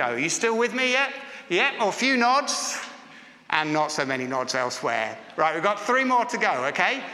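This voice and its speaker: A man preaches a sermon in a church hall, speaking conversationally and asking the congregation questions. His voice is fairly high with a sharp tone, and the echoey hall gives a long reverb.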